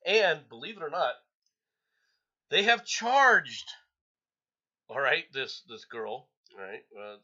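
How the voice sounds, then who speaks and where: Male host, casual news chat, sharp bright voice, a little high. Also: takes it slowly, pauses often. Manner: animated, exclaiming, reads headlines. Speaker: podcast host. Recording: dull lo-fi sound.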